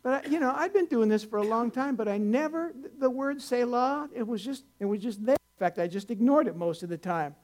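A man's voice: very high-pitched, animated, brisk, few pauses. An older man, a pastor, preaching a conversational sermon in a folksy, rambling way, with many restarts, rising to earnest emphasis.

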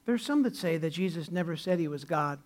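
A man's voice: fairly high pitch, animated, fairly quick. A man pastor preaching a sermon in a conversational way, acting out the people he quotes.

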